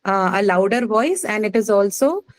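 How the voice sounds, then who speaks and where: A woman's voice: mid-range voice, expressive, moderate pace, poor audio. Woman teacher explaining step by step. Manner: patient, explanatory, checks understanding with frequent "okay". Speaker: English teacher. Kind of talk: live online class lecture.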